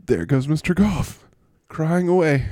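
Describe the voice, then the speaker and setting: A man's voice: a little high, lively intonation, measured pace, darkish tone, no echo. A man hosting a casual comedy podcast, rambling and poking fun at his own bits. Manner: rambling and self-mocking. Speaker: podcast host.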